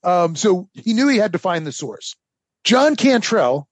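High-voiced guy rambling thru a history story, husky, dry close mic. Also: moderate pace, dry recording. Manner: animated storytelling with many fillers. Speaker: podcast co-host. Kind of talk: casual history podcast chat.

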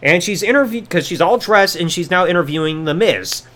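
Sarcastic, lively-voiced man. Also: high voice, a little fast. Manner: sarcastic, profane, rambling. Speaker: podcast host. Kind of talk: wrestling review podcast.

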